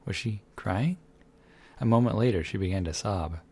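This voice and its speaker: Deep-voiced man reading a game aloud. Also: a little mellow, husky. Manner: measured, dramatic narration with occasional slips. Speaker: game reader. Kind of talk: dramatic reading of a visual novel.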